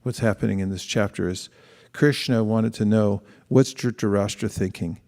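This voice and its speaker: Low mellow guy giving a chatty sermon, reads scripture out loud, long hall echo. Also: moderate pace, vocal fry. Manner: conversational, reflective, quotes scripture and reads aloud. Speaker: speaker giving a scripture class.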